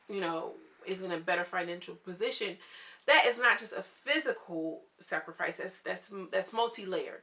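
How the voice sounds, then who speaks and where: A young woman reviewing a reality show in chatty, expressive casual commentary, talking straight to her viewers. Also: medium pitch.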